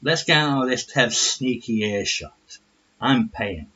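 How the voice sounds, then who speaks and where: A man's voice: medium pitch, animated, takes it slowly, pushed and bright, breathy edge, highs cut off, heavily acted. A man voicing a stern female officer, a goddess-cat, who scolds like a teacher or a mother. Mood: wry.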